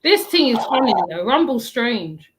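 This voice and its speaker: A woman hosting a casual chat, animated, repeating herself and laughing often. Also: fairly high pitch, unhurried. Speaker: host.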